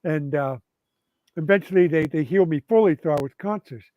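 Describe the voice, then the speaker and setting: Animated man with a high voice, telling stories. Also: fairly quick, no echo. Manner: animated, rambling, with frequent restarts. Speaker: guest game designer. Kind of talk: storytelling in a casual interview. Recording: dull lo-fi sound.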